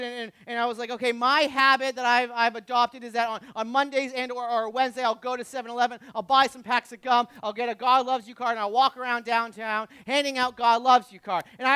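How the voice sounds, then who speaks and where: A male pastor preaching a sermon with self-deprecating humor, swinging between loud emphatic bursts and hushed lines. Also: very high-pitched, smooth, no echo.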